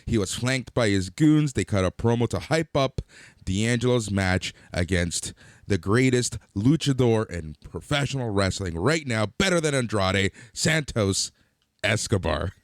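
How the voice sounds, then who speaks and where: A man's voice: lowish voice, animated, a little slow, no echo, studio quality. A man co-hosting a podcast, recapping wrestling matches in detail and chatting casually. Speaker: podcast co-host.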